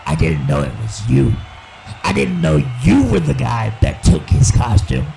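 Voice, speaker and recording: A man playing an angry evil clown wrestler who yells threats and swings between brooding and shouting. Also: medium pitch, wildly swooping pitch, measured pace, slight background noise, exaggerated voice, poor audio. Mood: aggrieved. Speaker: wrestling promo character. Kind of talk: wrestling promo. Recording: music playing clearly behind.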